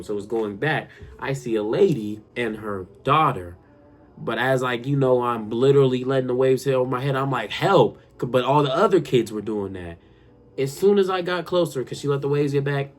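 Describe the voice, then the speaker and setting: A young man telling a funny personal story straight to his viewers, animated and slangy, often calling them "y'all". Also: medium pitch. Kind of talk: casual storytime monologue.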